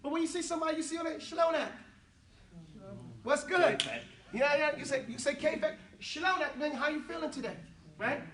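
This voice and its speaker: A man's voice: extremely high pitch, fast, a crowd in the background. A man teaching an Arabic class, playful and joking as he drills the students on phrases. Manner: playful, joking, switching between English and Arabic. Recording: echoey room, voice from a distance.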